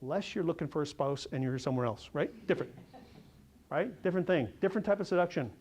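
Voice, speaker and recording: High-voiced, energetic male sales coach. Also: quick pace, slightly rough. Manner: energetic, animated storyteller who quizzes the audience. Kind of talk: seminar talk to a live audience.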